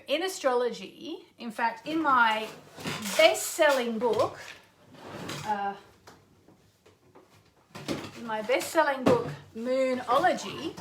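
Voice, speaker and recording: A middle-aged woman with a somewhat high voice hosts a live astrology stream. She chats loosely and easily, pokes fun at herself and greets her viewers by name as they join. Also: bright, forceful tone. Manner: chatty and self-deprecating, greets viewers by name. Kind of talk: casual livestream chat.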